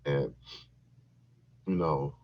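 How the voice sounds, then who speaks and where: A man hosting a podcast, telling a crude, profane comic story in an animated, repetitive way with a husky voice on a dull, lo-fi recording. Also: a bass voice, drawn-out words. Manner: animated, crude, repeats himself for laughs.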